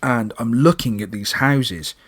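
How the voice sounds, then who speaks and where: A young man hosting a podcast, telling a personal story in a lively way and acting out panicked moments in loud breathless bursts. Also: mid-range voice, measured pace, husky, no echo. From United Kingdom. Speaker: podcast host.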